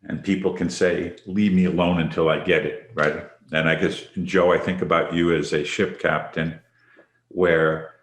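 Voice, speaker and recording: This leadership podcast host speaks in a low, level tone at a moderate pace. He muses on the subject, affirms what others say, and calls on each guest by name, facilitating an easygoing discussion in a space with noticeable echo.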